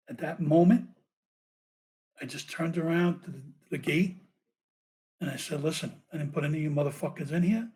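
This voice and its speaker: Profane storytelling ex-cop. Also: male voice, a little high. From United States. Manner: profane, animated storytelling with laughs. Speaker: podcast guest, former police officer. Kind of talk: storytelling in a podcast interview.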